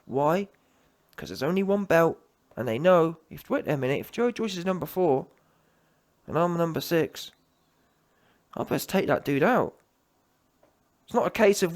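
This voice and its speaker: A man's voice: on the high side, sing-song, measured pace, long pauses. A man giving a heated, emphatic solo rant as a boxing commentator, often breaking off and restarting his sentences.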